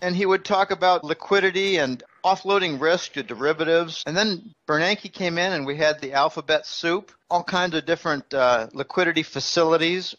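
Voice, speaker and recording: A man's voice: fairly high pitch, moderate pace, few pauses, a bit bright, dull audio. A man as a guest financial analyst, explaining markets in a conversational interview with everyday analogies.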